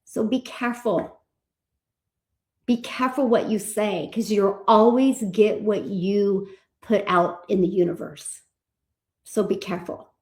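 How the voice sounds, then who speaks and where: A woman giving an energetic motivational talk as an online business coach, emphatic and repetitive, acting out quoted voices. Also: medium pitch, measured pace, roomy sound.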